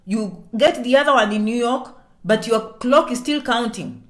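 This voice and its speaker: Woman vlogger, casual explainer, higher voice, keeps checking in, swings from loud to whispered. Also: normal speed. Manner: checks in with "okay?" constantly; drops into half-whispers for sensitive points. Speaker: immigration vlogger.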